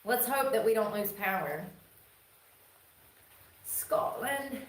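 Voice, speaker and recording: A woman's voice: a little high, expressive, slow, roomy sound. A woman from North Carolina with a Southern twang, chatting casually and rambling on a home livestream, swearing freely. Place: indoors at home.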